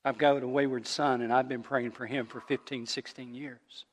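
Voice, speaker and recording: A male pastor preaching a sermon, telling a story and rising louder and higher at its emotional peaks. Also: level tone, normal speed, in a large hall.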